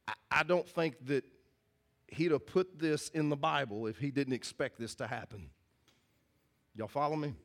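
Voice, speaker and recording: A man's voice: on the high side, normal speed, long pauses. A man, a pastor preaching a sermon in a church, earnest and folksy, often restarting and repeating his phrases. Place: church hall with congregation.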